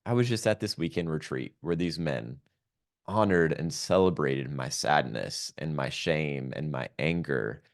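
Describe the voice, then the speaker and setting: A man with an extremely low voice and a gravelly, fry-laden texture tells a personal story as a podcast guest. He talks in an earnest, reflective way, often pausing on ums and likes as he recounts what happened.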